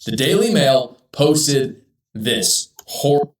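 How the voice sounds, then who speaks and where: Male host, indignant commentary rant, animated pitch, echoey room, a bit off-mic. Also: drawn-out words, recorded from a distance. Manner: heated, indignant ranting.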